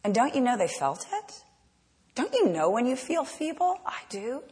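A woman's voice: high-pitched, sing-song, moderate pace, darkish tone. Earnest woman preacher in a reverberant hall. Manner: earnest, rhetorical questions to the congregation. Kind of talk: sermon.

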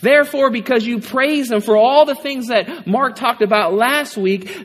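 A man preaching a sermon in a conversational, animated way, often checking in with a rhetorical "right?". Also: extremely high pitch, moderate pace, hardly any pauses, in a large hall.

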